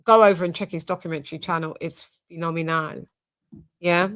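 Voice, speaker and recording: A woman with a low voice and fairly even intonation talks fast while hosting a boxing channel's live stream. She chats casually, shouts out and thanks members, and breaks into snatches of song.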